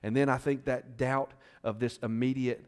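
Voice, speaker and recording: A male pastor preaching a sermon, retelling a scripture story dramatically and questioning the congregation, moving between loud bursts and hushed moments. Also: medium pitch, level tone, moderate pace, clean tone. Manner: conversational, asks the crowd questions.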